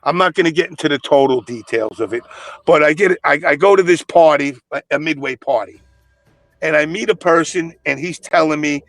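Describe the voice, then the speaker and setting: A man's voice: fairly high pitch, fairly quick, a bit bright, dry recording. A man in casual podcast chat, telling stories in a blunt, profane way.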